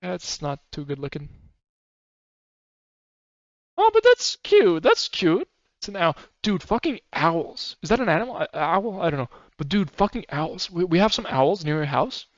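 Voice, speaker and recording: A man with a slightly high, lively voice talks briskly with few pauses while streaming, rambling profanely and laughing often. There's no room sound, just a dry, a little muffled mic.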